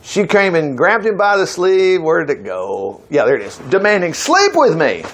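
A high-pitched man preaches from the Bible in a folksy, chatty manner. His voice leaps around a lot, and he keeps breaking off into exclaiming asides. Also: big pitch swings, normal speed, fairly bright tone, a little hiss or hum.

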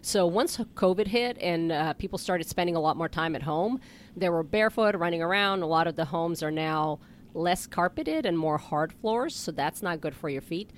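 A woman podiatrist, a guest on a health talk show, explaining foot problems in a relaxed, plain way with easy laughs. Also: fairly low pitch, moderate pace, a little hiss or hum. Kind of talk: casual interview talk.

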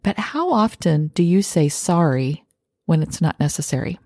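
Low-voiced woman podcast host, dry close sound. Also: normal speed, no room sound. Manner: calm coaching tone, acting out example phrases. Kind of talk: podcast advice monologue.

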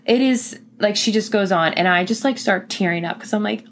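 A woman's voice: medium pitch, normal speed, hardly any pauses, slight background noise. A young woman, pregnant, talking casually and earnestly as a podcast host, with lots of filler words. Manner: chatty, earnest, many fillers. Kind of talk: casual personal talk.

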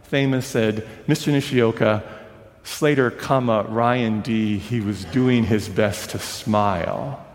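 Man, sermon story, acts out quoted voices, hushed at tender moments, long echo. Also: lowish voice, slow. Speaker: preacher. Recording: long reverb of a large hall.

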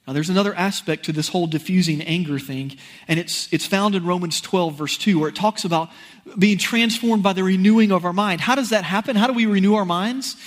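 Male preacher, high voice, folksy animated storytelling. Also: fairly quick. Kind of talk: sermon with personal story.

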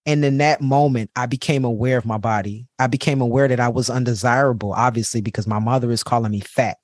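A man's voice: medium pitch, fairly even intonation, quick pace, dry recording, studio quality. A man hosting his own podcast, telling a personal story in a candid, heartfelt way and repeating words for emphasis. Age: adult parent. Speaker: podcast host.

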